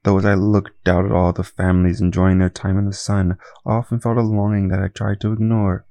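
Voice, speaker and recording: Gravelly male audiobook narrator. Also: deep voice, level tone, warm tone, no room sound. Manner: measured, reflective storytelling. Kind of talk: scripted first-person story narration.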